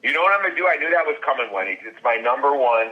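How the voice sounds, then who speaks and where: A man's voice: medium pitch, animated, very fast, phone-quality sound. A man, a chef, chatting playfully and enthusiastically in an interview. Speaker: celebrity chef guest. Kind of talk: casual interview chat.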